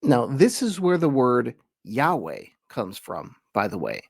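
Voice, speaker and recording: A man hosting a conversational lesson, explaining in a relaxed, chatty way and reading quoted verses slowly with emphasis. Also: medium pitch, vocal fry, slightly rough, dry recording, studio quality. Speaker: host and teacher.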